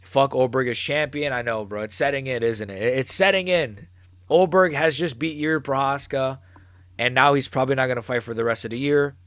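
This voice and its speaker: A young man hosting a live fight reaction stream, ranting excitably and swearing, recorded close to the mic. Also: medium pitch, brisk, no echo. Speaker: MMA channel host.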